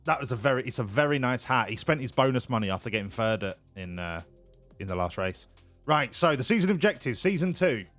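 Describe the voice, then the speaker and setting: A man's voice: medium pitch, lively intonation, a little fast, fairly bright tone, soft background music. A man casually commentating a game on a live stream, joking, swearing and laughing often. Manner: jokey, profane, laughs often.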